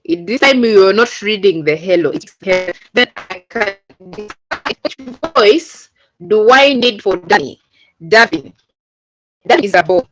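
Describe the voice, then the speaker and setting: A woman's voice: medium pitch, lively intonation, a little slow, soft background music. A woman teaching a coding class over a video call, explaining patiently step by step with many fillers. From Uganda. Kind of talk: online class instruction. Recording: dull lo-fi call audio.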